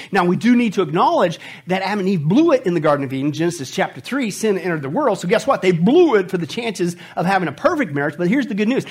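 A man preaching to a congregation, telling jokes with lively, swooping delivery. His voice is husky and a little breathy. He stumbles over words and restarts often as he tells his stories. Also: high-pitched. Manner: animated storytelling, stammering restarts. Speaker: pastor. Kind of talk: sermon with jokes.

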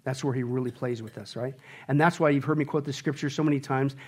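A man preaching a sermon as pastor, emphatic and full of rhetorical questions, swinging from quiet intimate talk to loud exclaiming. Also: medium pitch, fairly even intonation, quick pace.

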